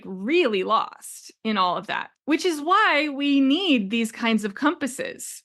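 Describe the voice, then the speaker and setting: A woman in her forties, a podcast host and business coach, tells a story on her solo business show with plenty of laughs and a chatty manner. The pitch is fairly high and the tone a bit bright.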